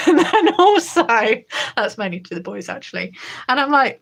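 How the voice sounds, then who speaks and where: A woman's voice: high-pitched, very animated, normal speed, creaky, fairly bright tone. A woman in her thirties chats to viewers in a loose, rambling livestream style. She is a teacher with a sarcastic streak who keeps breaking into laughter mid-story. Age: 30s. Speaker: schoolteacher. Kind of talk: casual livestream chat.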